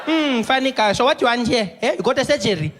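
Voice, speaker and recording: A man's voice: very high-pitched, expressive, fast, a bit bright, a little hiss or hum, pitched above the performer's own voice. A man voicing a blunt, mocking female hospital receptionist, teasing in a sing-song way. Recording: live stage mic with audience laughter.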